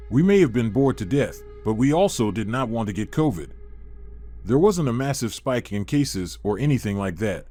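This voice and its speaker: Man, horror story narrator, calm even reading, mid-range voice, dry close sound. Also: mid-range voice, no echo. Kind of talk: scripted first-person narration.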